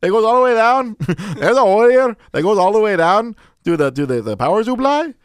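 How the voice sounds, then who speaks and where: A man's voice: high-pitched, big pitch swings, a little fast, clean tone, no room sound, clean studio sound. A man voicing a worried, rambling male construction contractor in a put-on Spanish-tinged accent. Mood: fretful. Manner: rambling, laughing asides.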